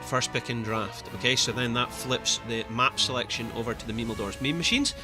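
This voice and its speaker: A young man casting a live esports match, chatty and excitable, laughing often. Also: mid-range voice, fairly quick, music in the background. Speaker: esports caster.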